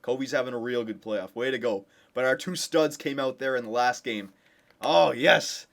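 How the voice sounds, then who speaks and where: Young male gameplay commentator, eager and chatty, swings between hyped cheering and low muttering. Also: normal speed. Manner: excited cheering for his team. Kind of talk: casual video game commentary.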